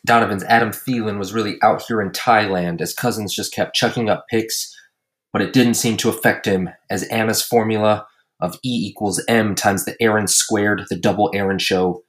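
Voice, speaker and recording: A man with a very low voice runs a casual comedy podcast. He recaps the week in a crude, joking, deadpan way, roasting everyone in turn. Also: moderate pace. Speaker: podcast host and league commissioner.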